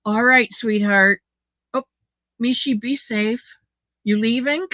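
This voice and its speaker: An older woman hosts a casual livestream from home, reading viewers' comments aloud and chatting with them affectionately. Her voice sits on the high side, with a sharp tone and a slow delivery. The recording is dry, dull, and lo-fi.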